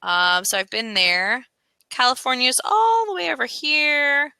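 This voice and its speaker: A woman's voice: high-pitched, expressive, unhurried, creaky, sharp tone, clear, resonant tone, no room sound, low-quality recording. An American woman tutoring English on a video call, chatty and laughing often as she gives suggestions. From United States. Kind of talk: casual conversation lesson.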